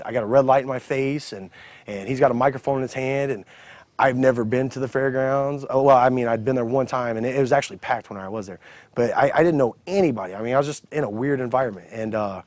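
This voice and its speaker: A middle-aged man, telling stories in an interview, animated, swearing and acting out quotes. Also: mid-range voice, no echo. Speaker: interview guest, pro wrestler. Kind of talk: storytelling in an interview.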